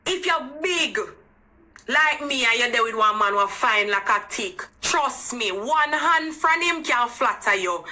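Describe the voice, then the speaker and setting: A woman with a Jamaican accent speaks straight to camera in an earnest, emphatic advice monologue. Her voice is bright, forceful and sits a little high. She keeps pressing the listener with pointed questions. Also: rough recording. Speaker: relationship advice vlogger.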